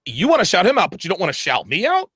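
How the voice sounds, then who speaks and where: A man's voice: high voice, fast, slightly rough, no room sound, studio quality. A man heatedly retelling an argument in a clip, swearing freely and restarting his sentences often. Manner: animated, repetitive restarts, profane. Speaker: online commentator.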